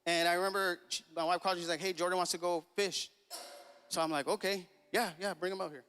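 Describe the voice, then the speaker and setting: A man's voice: high-pitched, fairly even intonation, fast, a bit bright, smooth. A man in his thirties preaching a sermon, telling a family story in a casual, chuckling way and acting out the dialogue. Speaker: pastor. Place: church sanctuary. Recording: long reverb of a church hall.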